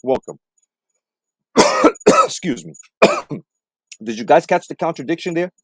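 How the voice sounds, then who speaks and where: A man with a fairly high, wildly animated voice rants combatively, swearing and hammering his points with repetition. The sound is close and dry, with almost no room. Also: slow pace, breathy edge, no room sound. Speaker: boxing commentary host. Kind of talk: profane live-stream rant.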